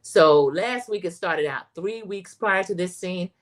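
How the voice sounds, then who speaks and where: A woman's voice: fairly low pitch, measured pace. A woman hosting a casual livestream that recaps a reality show, talking straight to her viewers as y'all and reading their chat comments aloud.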